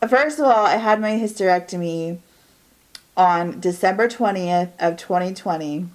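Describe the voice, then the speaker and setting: A beauty vlogger in her forties does her makeup at home in a chatty get-ready-with-me video. In a lowish voice at a moderate pace, she talks candidly and ramblingly, drawling and trailing off.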